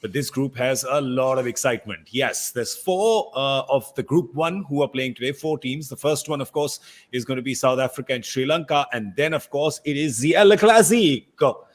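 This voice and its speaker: A man's voice: mid-range voice, normal speed. A man hosting a casual sports talk show, playful and teasing. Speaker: host. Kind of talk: casual studio chat.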